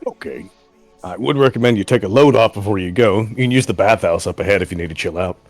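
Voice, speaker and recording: A man running a tabletop game as game master, laid-back, laughing often and slipping into quick character voices. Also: on the low side, dry recording, faint music behind.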